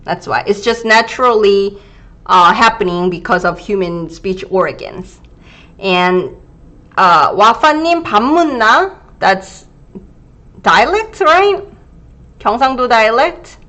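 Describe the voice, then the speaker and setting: A woman in her thirties with a Gyeongsang Korean accent, teaching a live online language lesson and drilling pronunciation slowly and carefully. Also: medium pitch, animated, fairly bright tone. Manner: slow, careful pronunciation drills, reading viewer comments.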